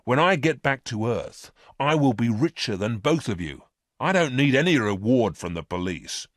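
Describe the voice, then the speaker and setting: A man's voice: medium pitch, very animated, moderate pace, fairly bright tone, no room sound, clean studio sound, pitched above the performer's own voice. A man voicing a sly male stranger who bargains with thieves in a storybook reading, with a mocking manner. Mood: smug.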